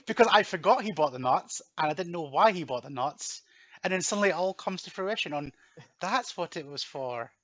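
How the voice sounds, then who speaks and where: A man's voice: sits high, animated, fast talker, a bit bright, no room sound. A man co-hosting a casual film podcast, enthusiastic and laughing a lot. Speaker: podcast co-host. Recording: slightly dull lo-fi dry sound.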